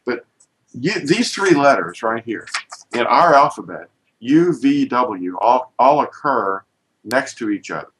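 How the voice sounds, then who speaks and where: A man's voice: medium pitch, very animated, unhurried, fairly bright tone, poor audio. A man teaching an informal lesson, pointing at letters and explaining with emphatic, restarting speech.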